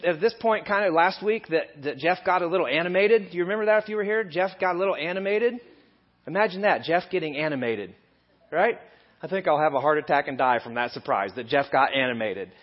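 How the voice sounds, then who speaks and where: A man giving a conversational sermon in a church, building to animated emphasis at times. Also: high voice. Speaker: lay preacher. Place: church hall. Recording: dull lo-fi sermon recording.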